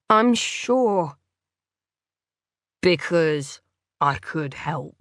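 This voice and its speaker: A woman narrating a first-person thriller audiobook in a measured, unhurried way. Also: fairly low pitch, dry recording, clean studio sound.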